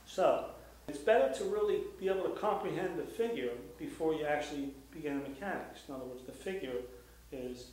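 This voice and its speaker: Male guitar teacher, slightly high voice, heard from across a very echoey room with guitar underneath. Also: brisk. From United States. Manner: relaxed explaining with many fillers, scats rhythms aloud. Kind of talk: instructional guitar lesson. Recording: echoey room, mic at a distance, guitar playing.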